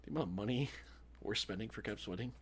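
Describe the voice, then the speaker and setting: A man's voice: on the low side, fast, husky. A man of twenty-seven co-hosting a podcast, talking casually with a friend and laughing often. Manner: laid-back, laughs often, mock-grumpy. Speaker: podcast co-host. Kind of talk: casual chat between friends.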